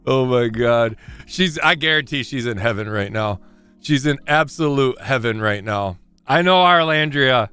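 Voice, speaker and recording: A man chatting casually on a live stream, rambling and self-deprecating, often restarting his sentences and getting excitable. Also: fairly high pitch.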